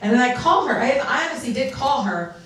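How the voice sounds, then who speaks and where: A woman whose first language is Arabic tells stories in an animated way at a fundraiser. Her voice sits a little high. She is picked up from far off in a large, echoing hall. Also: fast talker. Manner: animated storytelling, slips into Arabic. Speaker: guest speaker, congresswoman. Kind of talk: storytelling speech at a fundraiser.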